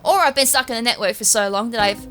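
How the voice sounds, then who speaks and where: A woman's voice: a little high, fast talker, fairly bright tone, faint music behind. A woman, chatting through a video game playthrough in a rambling, self-correcting way. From Australia. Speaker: gaming streamer. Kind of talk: let's-play commentary.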